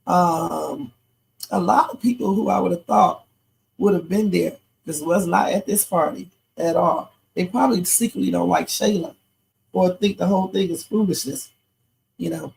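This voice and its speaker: A woman's voice: fairly low pitch, creaky, a little mellow, husky, poor audio. A tired woman hosting a live reaction stream, chatting and rambling with preachy asides. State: sleepy, tired. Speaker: livestream reaction host. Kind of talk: casual live reaction commentary.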